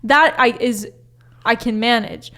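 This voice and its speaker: A young woman talking candidly as a podcast guest, expressive and swearing freely. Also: fairly high pitch, unhurried. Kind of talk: casual podcast chat.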